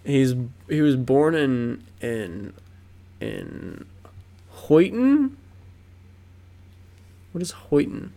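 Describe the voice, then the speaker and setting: Young dude cohosting a podcast, gravelly voice, rambles, swears, says like a lot. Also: male voice, mid-range voice, wildly swooping pitch, drawn-out words, pauses often, dark tone. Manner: rambling, swears, lots of fillers and restarts. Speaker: podcast co-host. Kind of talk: casual chat.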